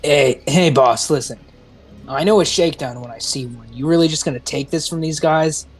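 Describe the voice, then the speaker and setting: A blunt, streetwise crewman, voiced by a man, speaking urgently. His voice sits a little high. Faint music runs underneath. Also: normal speed, natural voice.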